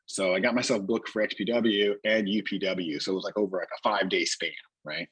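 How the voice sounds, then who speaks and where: A man's voice: lowish voice, fairly even intonation, fairly quick, fairly bright tone, husky, dry recording, poor audio. A middle-aged man, a former pro wrestler guest on a podcast, tells rambling anecdotes with lots of "you know" and restarts. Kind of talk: casual storytelling in a podcast interview.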